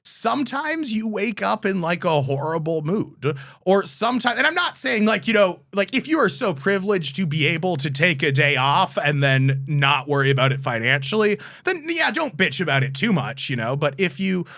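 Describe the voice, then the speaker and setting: A man co-hosting a podcast, arguing his point in casual, rapid chat. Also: high voice, sing-song, sharp tone. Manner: argumentative, rapid interjections. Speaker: podcast co-host.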